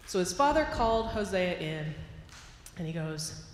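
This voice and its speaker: A woman minister telling a story in a sermon, playful and animated, in a church sanctuary. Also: lowish voice, unhurried. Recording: echoey hall with long reverb, faint ambience.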